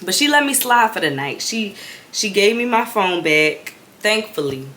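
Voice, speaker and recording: A woman's voice: mid-range voice, normal speed. A young woman vlogger telling a casual storytime, chatty and full of slang, building to exasperated outbursts. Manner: animated and conversational, with slang, rising into exasperated outbursts. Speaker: vlog host.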